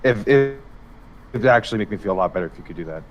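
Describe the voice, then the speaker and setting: A hungover adventurer, as a player puts him on, rambling apologetically in a lowish voice. He sounds sheepish. The audio is dull and lo-fi, like online voice chat. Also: expressive, very fast, natural voice.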